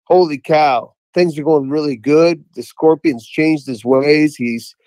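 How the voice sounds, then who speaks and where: A man's voice: fairly high pitch, a little slow, a little mellow, no echo, lightly acted. A man telling a fable, voicing a trusting male frog who pleads and protests. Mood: earnest.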